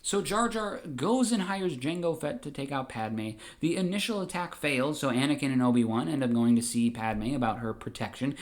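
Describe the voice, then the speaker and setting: A man narrating a comedic audio story in a brisk, deadpan way. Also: mid-range voice.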